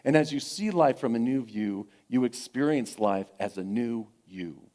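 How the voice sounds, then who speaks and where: A middle-aged man, a pastor giving a sermon at a spiritual center, speaking gently with encouraging repetition and frequent pauses. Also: medium pitch, animated.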